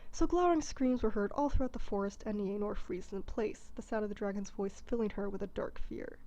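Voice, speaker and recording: A woman's voice: medium pitch, fairly quick, warm tone, rough recording. A woman narrating a comedic abridged retelling in a casual, irreverent way.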